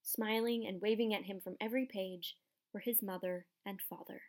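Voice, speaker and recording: A woman narrating a children's novel as an audiobook, giving lively voices to the characters. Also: medium pitch, normal speed. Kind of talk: scripted narration.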